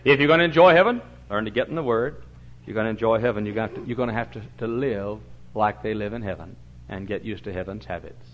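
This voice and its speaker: An older man preaching a sermon in a church, telling stories and swinging from booming shouts to low, quiet asides. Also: fairly even intonation, fast, a little hiss or hum. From Texas. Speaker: pastor. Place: church sanctuary. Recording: dull lo-fi recording.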